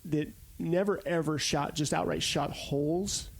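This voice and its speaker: A man's voice: fairly high pitch, steady tone, unhurried, vocal fry. A man in his forties from Arizona, a podcast guest telling stories casually and animatedly, acting out the quotes. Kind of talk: casual storytelling.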